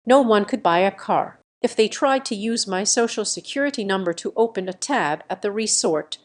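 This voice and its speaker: A young woman narrates a first-person revenge story in short, clipped sentences. Her delivery stays measured and steady at a middle pitch for a woman.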